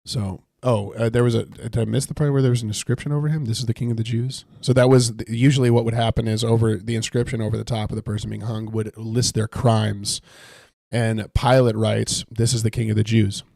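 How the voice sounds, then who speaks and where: A man's voice: lowish voice, flat delivery, brisk, gravelly, mellow, no room sound. A man leading a casual Bible study while gaming, talking it through conversationally with frequent restarts. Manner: conversational, thinks aloud with restarts. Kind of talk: casual Bible teaching while playing a video game.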